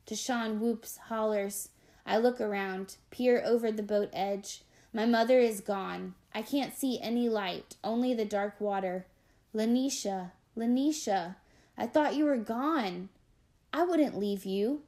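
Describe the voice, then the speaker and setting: A woman narrates an audiobook in the first person, her voice sitting at an ordinary middle pitch. She reads expressively and dramatically, with measured pauses between phrases. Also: darkish tone.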